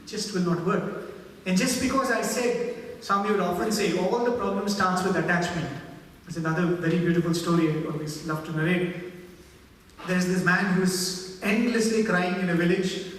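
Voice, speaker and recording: A man tells stories in a spiritual talk, his voice sitting fairly high. He is heard from a distance in a big reverberant hall. A faint hum of room noise sits under him. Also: moderate pace, a bit bright. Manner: storytelling, voicing characters in quotes, frequent "right?". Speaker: speaker giving a spiritual talk. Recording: echoey hall, voice from far off.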